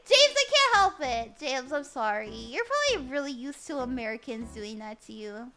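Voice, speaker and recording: A woman's voice: sits high, big pitch swings, moderate pace, music in the background. A young woman reading tarot live for her viewers, bubbly and giggly as she chats. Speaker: tarot reader streamer.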